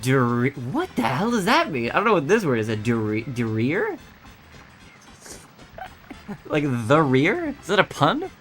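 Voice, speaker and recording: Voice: mid-range voice, huge pitch swings, normal speed, hardly any pauses, fairly bright tone, soft background music. A livestreamer giving casual commentary, thinking aloud through word puzzles and chuckling often.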